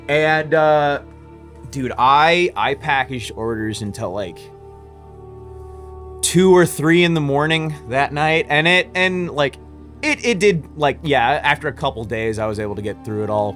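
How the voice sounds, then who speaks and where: A man's voice: fairly high pitch, animated, unhurried, fairly bright tone, faint music behind. A man who runs a small business, telling a story in a casual vlog, rambling with many restarts and fillers.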